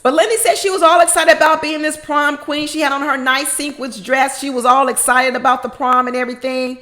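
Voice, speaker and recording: A woman's voice: sits high, fairly even intonation, brisk, few pauses, bright, forceful tone. A woman hosting a reality TV recap, giving emphatic, preachy commentary and acting out other people's lines. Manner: emphatic, preachy, acts out quotes in other voices.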